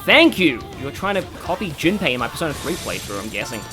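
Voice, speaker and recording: Chatty let's-play host with lively pitch. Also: fast. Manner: chatty, exasperated at the boss. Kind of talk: gameplay commentary. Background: game music.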